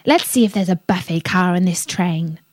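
A woman voicing an excitable, whiny young girl in a storybook reading, with a shrill childish delivery. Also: moderate pace, no echo, lightly acted.

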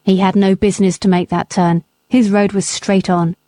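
A rough, hot-tempered working man answers back curtly in a lowered, mellow voice, as a woman narrator puts him on. The audiobook read is close and dry. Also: level tone, normal speed, no echo, close to an everyday voice. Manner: rough, curt. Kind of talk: audiobook character reading.

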